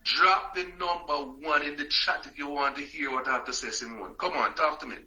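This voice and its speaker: Man, motivational live stream host, high and bright, emphatic and repetitive. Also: brisk, low-quality recording. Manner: emphatic, repetitive, calls out viewers by name. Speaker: product affiliate hosting a live stream.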